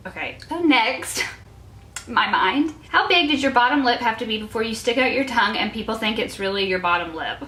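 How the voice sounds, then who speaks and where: Recorded in an echoey room with slight background noise, a twenty-something woman vlogger chats and reads her old notes out loud, laughing at herself self-mockingly. She speaks at normal speed in a fairly high, expressive voice that's pushed and bright.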